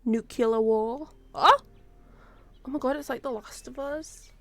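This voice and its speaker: A woman's voice: sits high, unhurried, gravelly, a bit bright. A woman streaming a game and chatting casually, with offhand, reactive remarks. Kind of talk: casual gameplay chat.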